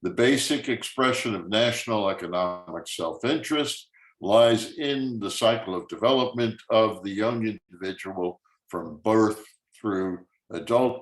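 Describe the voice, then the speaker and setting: A man reading a text aloud in a study group, in a plain, fairly monotone manner. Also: on the low side, echoey room, rough recording.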